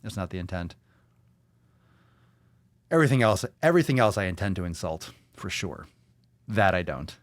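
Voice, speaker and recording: A brash, profane man rants his way through his own podcast in a casual, mocking tone. His pitch bounces up and down in a lively way. The sound is close and dry. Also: normal speed, long pauses, no echo. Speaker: podcast host. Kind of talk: casual ranting podcast talk.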